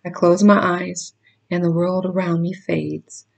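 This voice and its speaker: A woman reading a novel chapter aloud in first person, measured and steady, with occasional stumbles she corrects. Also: fairly low pitch, creaky, rough recording. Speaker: reader.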